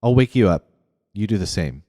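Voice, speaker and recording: A man's voice: on the low side, animated, moderate pace, mellow, no echo, studio quality, close to an everyday voice. A man voicing a careful, worried young boy in a storybook reading.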